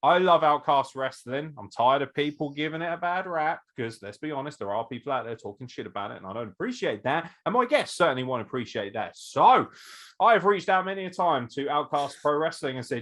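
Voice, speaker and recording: A man hosting a podcast with a lively, swooping delivery. He jokes constantly in a theatrical, mock-formal way. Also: fairly high pitch, fairly quick. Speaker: podcast host and interviewer. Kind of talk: casual comedic podcast chat.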